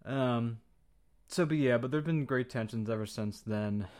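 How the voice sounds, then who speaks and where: A young man hosts a podcast in a casual opinion monologue, his voice medium-pitched, slightly mellow, and at a normal speed. He's flippant, profane, and full of slang, acting out quotes as he talks.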